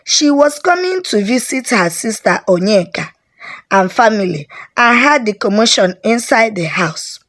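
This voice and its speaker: A woman narrating a folk story in a slow, deliberate way. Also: a little high, animated, fairly bright tone.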